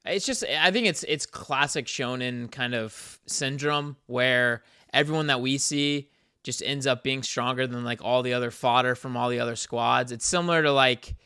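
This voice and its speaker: A man chatting casually about anime on a podcast, rambling and animated and laughing often. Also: medium pitch, moderate pace, clear, resonant tone, no room sound, clean studio sound. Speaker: podcast co-host.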